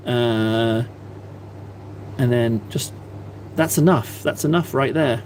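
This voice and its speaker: A man's voice: mid-range voice, slow pace, pauses often, a little mellow, slight background noise. A man chatting casually on a live stream, self-mocking and rambling as he paints. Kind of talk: casual livestream chat while painting.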